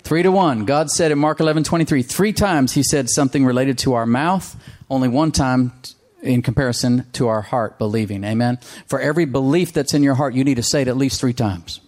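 This is a man delivering a sermon in an ordinary mid-pitched voice. He leans on repetition, says lines again and again, and keeps asking his listeners for an amen. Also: a little fast, few pauses, darkish tone. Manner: emphatic, calls for amens, repeats phrases. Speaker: preacher.

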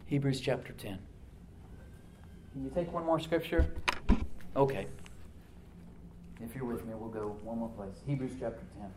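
A male pastor preaching a sermon, swinging from loud emphatic lines to hushed near-whispers. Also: medium pitch, moderate pace, pauses often, echoey room, background noise. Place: church sanctuary.

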